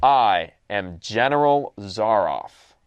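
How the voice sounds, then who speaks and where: A man voicing a cultivated older general who speaks formally, slowly and precisely with a slight accent. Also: on the low side, animated, no echo, highs cut off, pitched below the performer's own voice. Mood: grandly polite.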